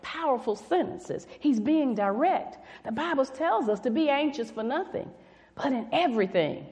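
A woman's voice: sits high, expressive, normal speed, a little mellow. A woman preaching a sermon, reading scripture aloud with emphatic stress on key words. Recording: echoey hall with long reverb.

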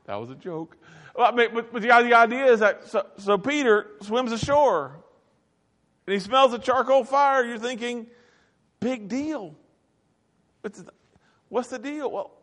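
A man's voice: high-pitched, a bit bright. A man preaching a humorous sermon, telling stories with playful asides and acting out the quotes. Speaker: pastor. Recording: reverberant hall recording.

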